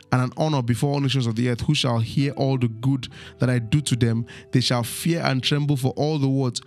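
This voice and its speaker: A man with a voice of ordinary pitch teaches from the Bible, reading passages and breaking them down for his listeners. He keeps asking them to fill in the missing word and checking that they are following along. Soft instrumental music plays faintly underneath.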